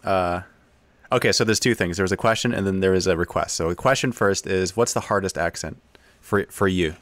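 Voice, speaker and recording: A man with a very deep voice hosts a casual interview and asks his guest eager, rambling questions. He starts and restarts his sentences, and his sound is close and dry. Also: a bit bright, no room sound. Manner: eager, halting questions with many fillers. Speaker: podcast host.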